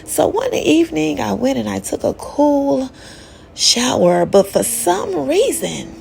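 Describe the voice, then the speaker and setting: A woman's voice: sits high, very animated, slow, gravelly, a little mellow, a little hiss or hum. A woman telling a personal spiritual story in a casual, candid and profane way.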